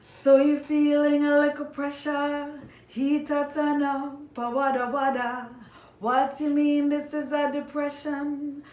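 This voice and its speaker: A woman music teacher giving a songwriting lesson, explaining patiently and speaking directly to her students. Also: lowish voice. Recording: echoey room, faint background noise.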